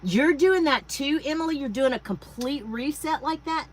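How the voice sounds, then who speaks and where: A woman's voice: high-pitched, rough recording. Chatty Southern woman hosting a livestream. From Texas. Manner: chatty, greets viewers by name, drawn-out exclamations. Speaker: craft livestream host. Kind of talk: casual livestream chat. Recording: faint air conditioner hum.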